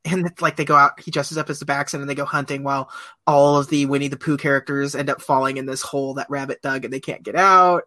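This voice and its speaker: A man's voice: mid-range voice, fairly even intonation, fast talker, sharp tone. A man co-hosting a podcast, chatting casually about a film, rambling with many fillers and frequent laughter. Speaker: podcast co-host.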